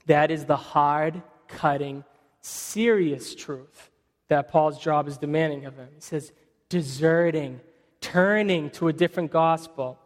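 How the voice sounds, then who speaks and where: A male pastor preaching in a relaxed, conversational way, his voice sitting a little high. He reads scripture with dramatic stretches, and his voice carries a long reverb through the church hall. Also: measured pace. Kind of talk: sermon.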